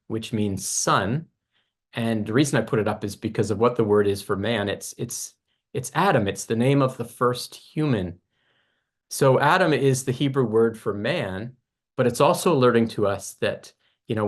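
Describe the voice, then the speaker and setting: A man with a British accent giving a steady, explanatory Bible study talk to a congregation. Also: fairly low pitch. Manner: explanatory, steady teaching with small restarts.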